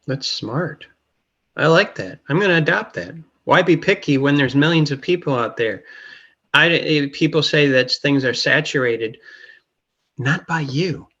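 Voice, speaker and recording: Gravelly-voiced male interview host. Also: a little high, fairly bright tone, muffled recording. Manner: encouraging, speaks in quick bursts with acted-out quotes. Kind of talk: casual interview chat.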